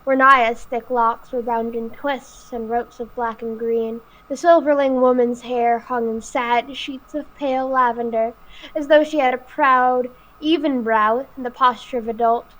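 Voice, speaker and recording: A woman's voice: a little high, a bit bright, low-quality recording. A woman hosting a live read-aloud of a novel, reading carefully with small slips. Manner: careful, slightly halting reading.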